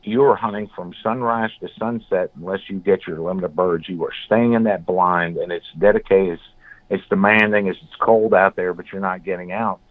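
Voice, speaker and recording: A man guest in an interview, telling blunt, animated stories and acting out what others said. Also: deep voice, normal speed, no room sound. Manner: blunt, animated storyteller, acts out quotes. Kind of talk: storytelling in an interview. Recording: phone-like, dry call audio.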